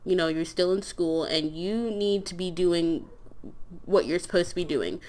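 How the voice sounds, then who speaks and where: A woman acts out an angry mother in a life-sim game, ranting and scolding in an exasperated rush. Her voice sits a little low and stays near the performer's own. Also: moderate pace, a little mellow, lightly acted.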